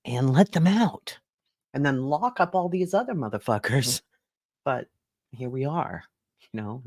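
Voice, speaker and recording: A man's voice: mid-range voice, a little mellow, no echo, studio quality. A man from Boston in a casual, profane reaction chat, often laughing and mocking what he watches. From Boston, USA. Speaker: streamer reacting to a debate.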